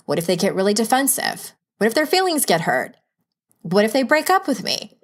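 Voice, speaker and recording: A woman's voice: a little high, sing-song, a little fast. A woman hosting a solo self-help podcast, talking frankly and playfully, coaching listeners with humorous asides. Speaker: podcast host.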